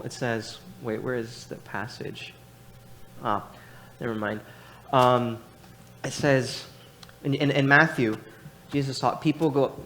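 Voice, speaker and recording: A young man preaching a sermon in a church, animated and rambling, with many restarts and casual fillers. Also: a little high, slight background noise.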